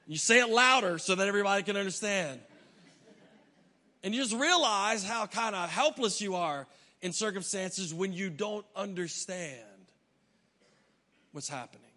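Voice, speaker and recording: Bright-voiced pastor in a reverberant hall. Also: male voice, high-pitched, a little slow, long pauses. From United States. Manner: animated, humorous storyteller, acts out his own reactions. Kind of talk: sermon with personal storytelling. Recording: long reverb of a large hall.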